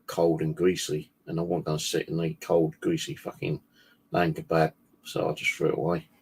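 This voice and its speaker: Deep husky man, rambling chat. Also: darkish tone. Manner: rambling, swears freely, loose and chatty. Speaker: paranormal channel host. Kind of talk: casual livestream chat.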